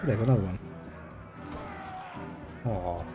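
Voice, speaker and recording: A man's voice: lowish voice, slow, dark tone, muffled recording. A man hosting a gaming video, chatting casually and joking as he plays, swearing freely. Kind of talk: casual gameplay commentary.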